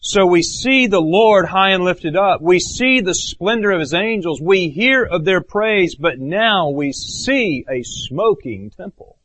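A man preaching a sermon as pastor, earnest, swinging between raised emphatic phrases and low hushed ones. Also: lively intonation, a little slow, hardly any pauses.

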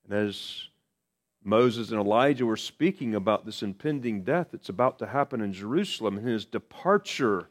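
A man's voice: on the low side, lively intonation, moderate pace. A man preaching a sermon in a conversational way, repeating key phrases for emphasis.

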